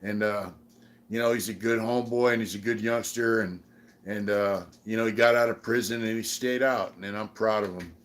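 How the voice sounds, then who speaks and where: A man's voice: fairly low pitch, steady tone, normal speed. A middle-aged man from San Diego hosting a casual livestream, telling prison stories in a rambling, profane way with many fillers. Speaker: channel host.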